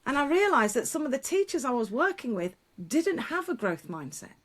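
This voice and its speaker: A middle-aged woman, a guest speaker and former teacher, telling stories in a frank, lively way with laughs and quick restarts. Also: high-pitched. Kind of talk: casual interview storytelling.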